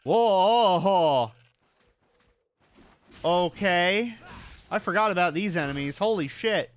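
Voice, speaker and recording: A man's voice: high voice, slow pace. A man with a mixed Southern US and New York accent, giving casual, swearing, laughter-filled commentary while playing a game. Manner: animated, profane, laughs often. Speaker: streamer.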